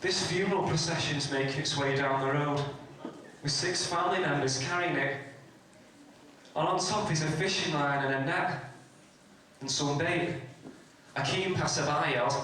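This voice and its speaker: Male comic, slightly high voice, stand-up one-liners, distant mic in an echoey hall. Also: moderate pace, long pauses, sharp tone, slight background noise. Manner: telling a string of mother-in-law and family jokes. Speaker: stand-up comedy contestant. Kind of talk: stand-up joke telling. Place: community hall stage.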